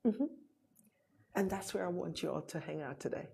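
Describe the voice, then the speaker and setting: A woman hosting a live stream, giving an encouraging motivational talk and inviting viewers to join her, with drawn-out emphatic phrases. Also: fairly low pitch, gravelly, mellow, breathy edge.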